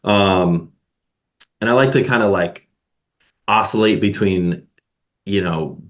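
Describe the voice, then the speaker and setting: A man's voice: low voice, slow pace, muffled recording. A man in a podcast conversation, explaining his points and acting out tones of voice.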